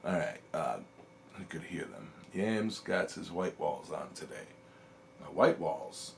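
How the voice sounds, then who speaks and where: Easygoing male stream host with a very low voice and a quick chuckle, casual chat. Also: vocal fry, slight background noise. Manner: chuckles often while reading chat; relaxed, rambling, lots of ums. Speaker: livestream host.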